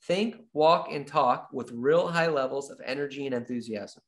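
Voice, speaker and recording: A man giving an energetic sales training talk, repeating his key points like a coach and acting out little dialogues with clients. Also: mid-range voice, normal speed. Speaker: real estate sales trainer.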